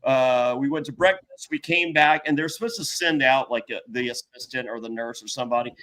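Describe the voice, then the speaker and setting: A middle-aged man hosting a podcast, telling a story in a rambling, profane, excitable way with many restarts. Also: medium pitch, a little fast, poor audio. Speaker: podcast host. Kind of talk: casual storytelling chat.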